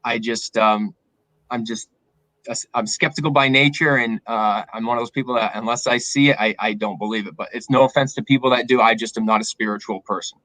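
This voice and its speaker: A man's voice: mid-range voice, fairly even intonation, brisk, pushed and bright, no room sound, low-quality recording. A man with an Eastern Massachusetts accent, chatting frankly as a guest on a video call. He sounds reflective and often restarts his sentences. The sound is dry and close, with little room around it. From Massachusetts, south of Boston. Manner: candid, reflective, with frequent restarts. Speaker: guest filmmaker. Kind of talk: casual live-stream chat.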